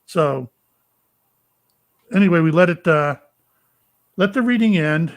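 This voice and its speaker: Older man from Florida, somewhat higher voice, talks in starts and stops; guest telling personal stories. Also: animated. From Florida, USA. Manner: rambling, halting, with many fillers and restarts. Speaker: psychic medium and retired police officer. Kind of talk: casual storytelling interview.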